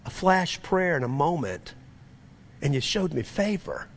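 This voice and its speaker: A middle-aged male pastor delivers a sermon in a somewhat high voice. He tells his story conversationally, acting out the people he quotes, then builds to fervent, lively preaching. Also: measured pace, creaky, a little hiss or hum.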